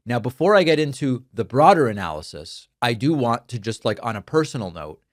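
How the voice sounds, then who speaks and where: A man who grew up speaking Spanish, hosting a political commentary show and talking in an earnest, emphatic, measured way into a studio microphone. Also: medium pitch, sing-song, dry recording. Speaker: show host. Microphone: studio dynamic microphone.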